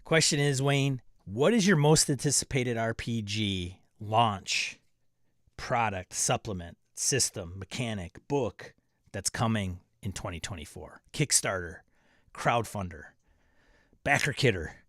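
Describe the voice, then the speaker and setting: A man's voice: on the low side, measured pace, a bit bright, dry recording, studio quality. A man hosting a tabletop game livestream, reading viewer comments aloud and joking around in casual chat.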